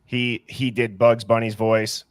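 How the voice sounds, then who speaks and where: A man hosts a casual livestream, working through viewer comments and greeting each person warmly by name. His voice sits at an ordinary middle pitch. The sound is dry and close, with no room echo. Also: little pitch movement, measured pace. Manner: upbeat, greets viewers one by one. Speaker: livestream host.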